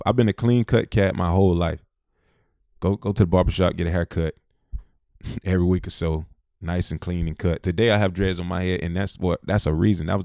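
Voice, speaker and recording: Deep-ish guy preaching motivation, repeats stuff over and over, dry close sound. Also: creaky, dark tone, no room sound. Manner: preachy, repeats phrases for emphasis, Southern US speech. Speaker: motivational speaker. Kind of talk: motivational talk.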